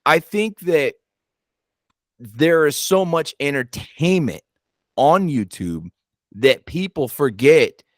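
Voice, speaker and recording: A man hosting a paranormal channel, chatting casually and telling animated stories, swearing and acting out his own reactions. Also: a little high, takes it slowly, long pauses, dry recording, clean studio sound. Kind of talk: casual chat.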